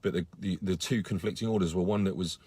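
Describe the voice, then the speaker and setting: Husky deep-voiced man, indignant and earnest. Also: fairly even intonation, quick pace, dark tone. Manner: earnest, indignant, many fillers and restarts. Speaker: campaigner on a live video. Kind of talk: casual live-stream update.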